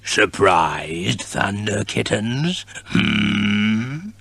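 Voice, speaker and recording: A man's voice: lowish voice, lively intonation, vocal fry, pushed and bright, husky, no room sound, full character voice. Mum-Ra, a man voicing a cackling ancient sorcerer. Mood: gloating menace. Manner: slow, gloating, menacing. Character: cackling ancient evil male sorcerer mummy.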